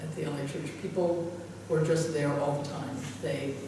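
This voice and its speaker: A woman's voice: low-pitched, fairly even intonation, normal speed, dark tone. An older woman pastor telling church anecdotes in a rambling, chuckling way, full of fillers. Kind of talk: anecdotal storytelling in conversation. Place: church hall. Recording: echoey hall from far off with faint noise.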